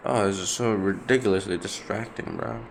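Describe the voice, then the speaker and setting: A man's voice: lowish voice, fairly even intonation, a little fast, creaky, noisy background. A young man from Nepal telling a personal story in a rambling, casual way, full of "like" and "right?". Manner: rambling, repeats himself, many fillers like "right?" and "like".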